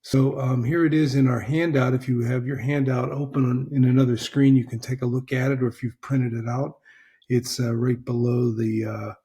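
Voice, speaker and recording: A man's voice: medium pitch, flat delivery, dark tone. A man teaching a recorded language lesson, patient and repetitive, often checking in with "right?". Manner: slow, patient, repeats phrases, checks in with "right?".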